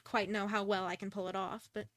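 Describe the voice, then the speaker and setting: Talking through every decision, a young woman plays a detective game on stream, reading lines aloud and doubting herself in a chatty, self-mocking way. She speaks a little fast at a medium pitch with little pitch movement, on a clean studio recording free of room sound.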